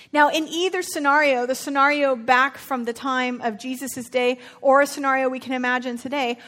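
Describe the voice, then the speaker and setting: A woman teaches from the pulpit in a loose, chatty way, slipping into casual slang as she acts out the characters of a parable. Her voice sits a little high, and she moves between explaining and animated retelling. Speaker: preacher.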